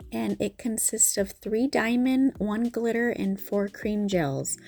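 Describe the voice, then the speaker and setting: A woman hosting her own channel, unboxing a product with gushing delight, gasps and soft whispered exclamations. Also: mid-range voice. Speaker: nail polish channel host.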